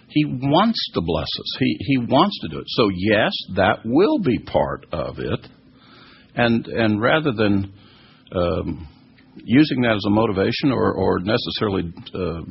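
A man's voice: lowish voice, vocal fry, husky. A man teaching scripture and answering listeners' questions, earnest and emphatic, with many fillers and restarts. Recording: dull lo-fi recording.

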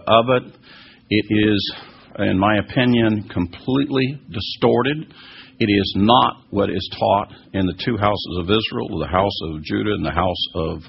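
A man's voice: lowish voice, creaky, breathy edge. A man teaching scripture and answering listeners' questions, earnest and emphatic, with many fillers and restarts. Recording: dull lo-fi recording.

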